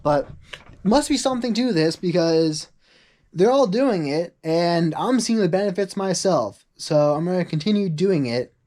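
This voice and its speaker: A young man chats through a rambling vlog with a slightly high-pitched voice. He fills his talk with "like" asides. When he quotes other people, he acts them out in a higher voice. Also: lively intonation, unhurried, darkish tone. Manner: chatty, rambling, full of "like" asides. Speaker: vlogger. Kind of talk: casual vlog monologue.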